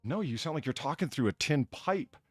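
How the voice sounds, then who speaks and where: A man hosting a casual podcast chat, profane and excitable, who laughs a lot. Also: a little high, fairly quick, slightly rough, dry recording, studio quality. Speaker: podcast host.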